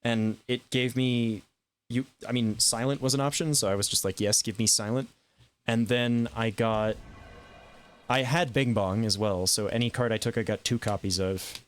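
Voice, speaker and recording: A man streaming a video game, chatting casually about his plays with self-amused asides and quick reactions. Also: mid-range voice, steady tone, clean tone. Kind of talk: casual gameplay commentary.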